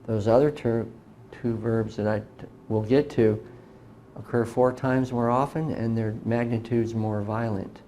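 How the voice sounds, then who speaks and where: A man's voice: mid-range voice, steady tone, unhurried, mellow, a little hiss or hum. A middle-aged man giving an emphatic lecture to a live audience, often asking rhetorical questions. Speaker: speaker lecturing on religion.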